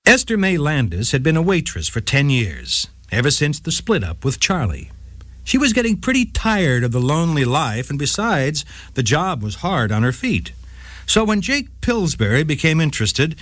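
Lively man narrating a legal story. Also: normal speed, no echo. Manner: dramatic storytelling with lively pitch. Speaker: radio legal segment host. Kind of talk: scripted narration.

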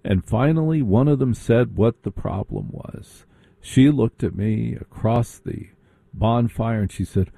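A man telling a sarcastic, animated comic story in a stand-up style. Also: medium pitch, unhurried, gravelly, breathy edge, no echo, clean studio sound. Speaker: comedic storyteller.

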